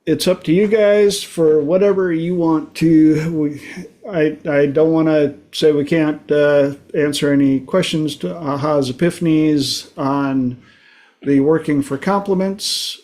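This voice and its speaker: A man hosting a casual group talk show, telling anecdotes in a lively way and acting out the voices of people in his stories. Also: fairly high pitch, a little slow. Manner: animated storyteller, acts out voices in anecdotes. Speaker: host.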